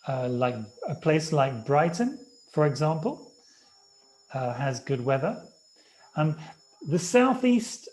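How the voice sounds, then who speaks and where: A man from the United Kingdom explaining things to English learners in a live online class, slowly and patiently, with many fillers. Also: a little high, a little mellow, rough recording. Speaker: English teacher. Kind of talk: explaining to language students.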